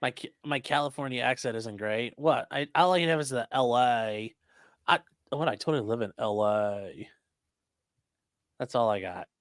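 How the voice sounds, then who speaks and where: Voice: mid-range voice, moderate pace, dry recording, studio quality. A livestream host chatting casually and joking while reacting to a trial. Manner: joking, teasing.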